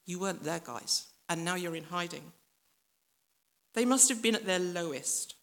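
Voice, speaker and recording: A woman's voice: lowish voice, moderate pace, a bit bright. A woman preacher giving a reflective, conversational sermon that speaks directly to the listeners and acts out voices from the story.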